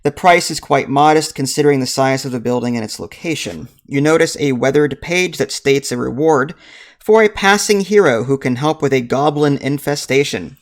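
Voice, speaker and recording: A man's voice: mid-range voice, animated, normal speed. A man hosting a board game playthrough, reading the story text aloud and joking around. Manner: jokey, laughs at his own jokes. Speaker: game master and channel host.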